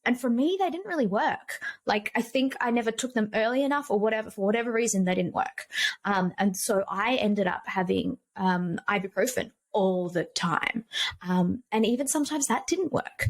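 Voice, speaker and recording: A woman's voice: on the high side, lively intonation, moderate pace. A woman guest, a period coach, speaking earnestly and emphatically in a casual podcast interview.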